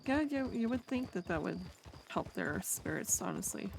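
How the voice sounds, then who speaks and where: A woman playing a gravelly-voiced city girl. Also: a little high, big pitch swings, normal speed, a little hiss or hum, exaggerated voice. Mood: easygoing. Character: city girl from the East, frontier era. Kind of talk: in-character roleplay chat.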